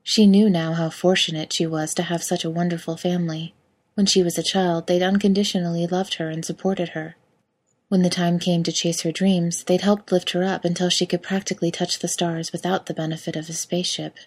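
A woman reading fan fiction aloud in an even, measured narration. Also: on the low side. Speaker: reader.

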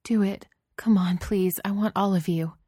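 A woman's voice: medium pitch, steady tone, moderate pace, warm tone, breathy edge, no room sound, clean studio sound, pitched above the performer's own voice, natural voice. A woman voicing a desperate young woman lover, breathless and pleading in a raised voice.

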